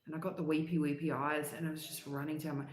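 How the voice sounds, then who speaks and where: A woman's voice: sits low, flat delivery, fast talker, slight background noise. A middle-aged woman, chatting casually on a livestream in a rambling way, laughing often and dropping slang. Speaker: livestream host. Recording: roomy echo.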